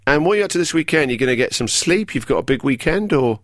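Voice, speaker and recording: A man's voice: on the high side, animated, quick pace, a bit bright, no echo, studio quality. A man hosting a radio show, teasing and joking with his guest in casual chat. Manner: teasing, jokey. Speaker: radio host.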